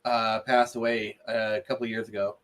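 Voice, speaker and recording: A man's voice: lowish voice, level tone, moderate pace, fairly bright tone. Rambling man in casual chat. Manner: rambling, hesitant, many fillers and restarts. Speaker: podcast co-host.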